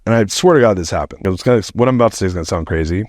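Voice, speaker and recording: Middle-aged man, very low voice, animated and rambling, dry close sound. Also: very fast, no room sound. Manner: animated, rambling, heavy use of "like", swears freely. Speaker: podcast guest. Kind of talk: casual storytelling.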